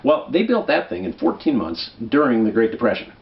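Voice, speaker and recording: A man's voice: mid-range voice, wildly swooping pitch, a little fast, gravelly, lo-fi sound. A man from Minnesota hosting a comic election guide, talking in a conversational, persuasive way and often checking in with "right?". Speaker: political commentary host.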